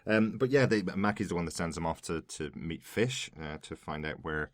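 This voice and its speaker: A man's voice: low voice, animated, normal speed, no echo, clean studio sound. A man with an Irish accent co-hosting a podcast in a casual, chatty way, recapping scenes with lots of fillers and easy laughter. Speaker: podcast co-host.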